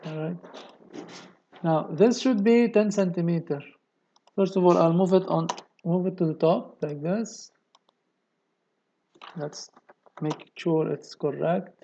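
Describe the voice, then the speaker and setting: A man's voice: high voice, gravelly, warm tone, muffled recording, a little hiss or hum. A man with a delivery, explaining a technical drawing step by step in a screen-recorded tutorial. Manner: slow, step-by-step explaining with many okays. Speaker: engineering tutorial presenter.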